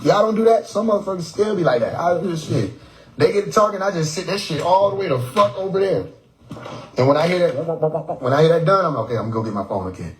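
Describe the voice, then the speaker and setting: His voice sitting high, brisk and expressive, a livestream host broadcasts casually from his phone, cracking jokes, swearing, and echoing words to mock how people say them. The recording is rough.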